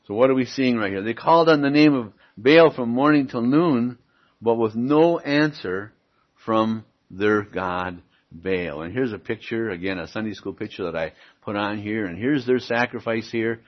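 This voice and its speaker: A man's voice: medium pitch, moderate pace. Emphatic male preacher, dull lo-fi sound. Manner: emphatic, rising loudly on read verses, wry asides. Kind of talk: sermon with Bible reading. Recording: dull lo-fi recording.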